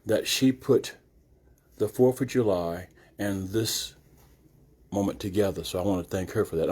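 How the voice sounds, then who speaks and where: An older man, a reverend and retired judge, introducing a reading to a live audience in an art gallery in a measured, explanatory way. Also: fairly low pitch, dark tone.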